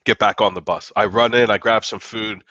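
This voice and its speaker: A lower-pitched American man with a bright, forceful voice tells a story, swearing freely and acting out what people said. The sound is dry and a little dull, like a podcast mic in a small room. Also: moderate pace, no room sound. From United States. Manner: animated, profane storytelling with acted-out quotes. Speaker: guest author.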